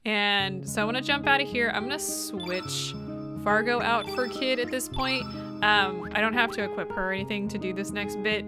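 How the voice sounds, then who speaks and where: A woman's voice: medium pitch, moderate pace. A woman casually commenting while playing a game, chatty and thinking aloud. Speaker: game streamer. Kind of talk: casual let's-play commentary. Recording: game music behind.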